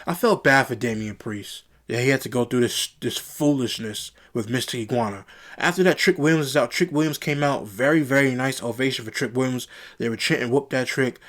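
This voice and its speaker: A man's voice: mid-range voice, fairly quick, fairly bright tone. A young man giving an exasperated, rambling solo review of a wrestling event, often repeating himself.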